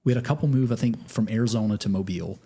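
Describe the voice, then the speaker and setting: A man, a company founder telling stories as a podcast guest in a casual, slangy, animated way. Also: fairly low pitch, very fast, breathy edge. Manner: animated, slangy, acts out quoted dialogue.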